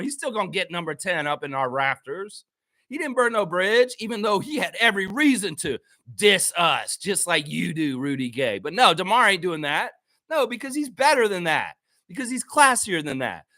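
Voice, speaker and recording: A man ranting on a live fan stream with a high, bright, sharp voice. His pitch swings wildly as he curses and mocks, then reads viewers' comments aloud. The sound is close and dry. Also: no echo. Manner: profane, mocking and animated, reads chat comments aloud. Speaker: host of a fan livestream. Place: friend's home.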